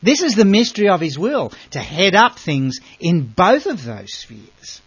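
A man's voice: high-pitched, big pitch swings, measured pace, breathy edge, dry recording, highs cut off. A man giving a Bible lesson as a sermon, earnest and emphatic, often asking his listeners rhetorical questions. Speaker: Bible teacher.

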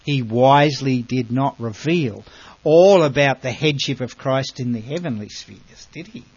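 A man's voice: mid-range voice, unhurried, darkish tone, slightly rough, no echo, dull audio. A man giving a Bible lesson as a sermon, earnest and emphatic, often asking his listeners rhetorical questions. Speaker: Bible teacher.

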